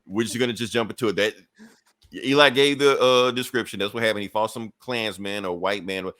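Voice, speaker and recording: A man with a low voice walks through a comic book issue in loose, profane storytelling and often chuckles. The sound is dry and close, with no room in it. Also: brisk, a bit bright, no echo. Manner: laughs between points. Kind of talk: casual comic review.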